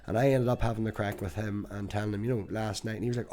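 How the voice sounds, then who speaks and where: A man's voice: lowish voice, fairly even intonation, quick pace, warm tone. Irish man telling stories on a podcast. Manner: storytelling, swears freely, laughs easily. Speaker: podcast host. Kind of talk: casual chat.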